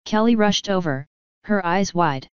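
Woman, story reader, very smooth clean voice, slightly low, dry dull recording. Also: lively intonation, unhurried, no room sound. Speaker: fanfiction reader. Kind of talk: reading a story aloud.

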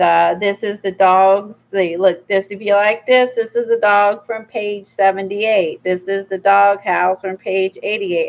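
A woman's voice: medium pitch, highs cut off. A middle-aged woman hosting a casual vlog, chatty and rambling with many fillers and small laughs. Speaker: art channel host. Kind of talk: casual book review vlog.

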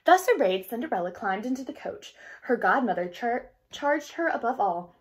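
A woman reading a fairy tale aloud for children in an expressive storytelling voice. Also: on the high side, moderate pace.

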